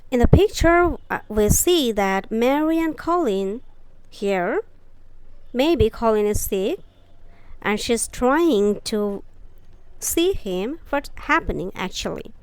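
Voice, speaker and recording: A woman reading a story aloud for English learners, carefully and deliberately, with short asides explaining the pictures. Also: on the high side, expressive, a little mellow, clear, resonant tone, no echo.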